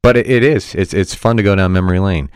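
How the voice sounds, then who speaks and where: Male co-host, very deep voice, wry humor, dry recording. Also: fast, smooth, no echo. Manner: wry, joking. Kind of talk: casual chat.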